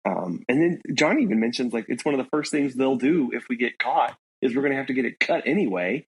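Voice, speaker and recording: A congested man co-hosting a podcast, talking through a novel in a thoughtful, halting way with many fillers. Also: medium pitch, expressive, a little hiss or hum, low-quality recording. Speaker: podcast co-host. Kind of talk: casual book discussion.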